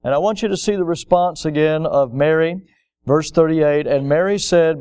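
A man's voice: on the high side, normal speed, darkish tone, clear, resonant tone. A middle-aged man preaching a sermon as pastor, building to emphatic, impassioned peaks.

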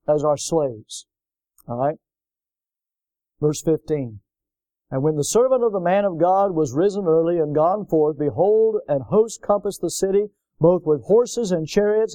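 A man preaching a sermon, folksy and animated, telling stories and checking in with "all right?". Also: high-pitched, no room sound, studio quality. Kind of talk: sermon with storytelling.

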